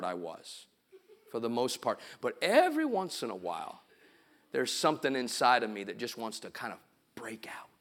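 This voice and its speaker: The voice is a middle-aged man's, mid-range and fairly bright. He's a pastor giving a sermon in his church's sanctuary, telling stories, acting out sounds and quotes, and building to an emphatic finish.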